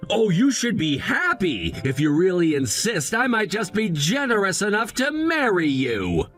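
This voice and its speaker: An actor playing an arrogant, snobbish young groom who talks down to everyone with sneering contempt. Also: male voice, high-pitched, huge pitch swings, a little slow, a bit bright, soft background music, exaggerated voice. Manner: sneering, condescending.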